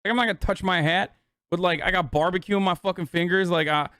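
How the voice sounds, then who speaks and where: A man's voice: sits high, steady tone, fast, a bit bright, clear, resonant tone, no room sound, clean studio sound. A man in his thirties telling a rambling, sarcastic, profane story on a casual livestream. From United States. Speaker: streamer.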